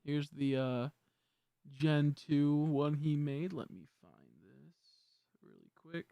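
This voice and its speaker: A man's voice: a little high, steady tone, takes it slowly, clear, resonant tone, no room sound, dull audio. A young man casually chatting on a live stream, rambling and correcting himself, easily frustrated. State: hiccups.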